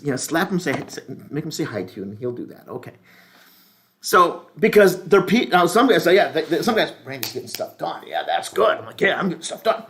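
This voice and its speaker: A man's voice: on the high side, slight background noise. A middle-aged man, a pastor, teaching a leadership class in a casual, rambling, joking way with many restarts.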